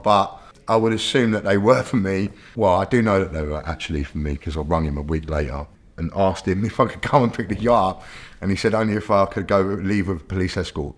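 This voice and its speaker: A low-pitched British man recounts his past in a relaxed, chatty way. He keeps checking in with quick asides and scatters fillers through his talk as the story rolls on. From Britain. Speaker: interview guest telling his own story. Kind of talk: casual storytelling.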